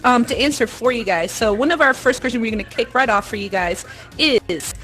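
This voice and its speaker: Woman, high voice, upbeat panel host, chatty, faint music behind. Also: fairly quick, fairly bright tone. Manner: upbeat, chatty, laughs often. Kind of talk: hosting a live online panel.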